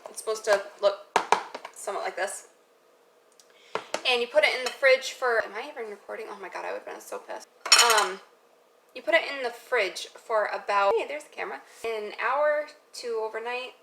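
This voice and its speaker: Using vocal fry, a young woman with a somewhat high voice speaks at a moderate pace as she casually demonstrates a recipe at home. She's a cooking vlogger prone to rambling and self-mockery, recorded with noisy kitchen audio.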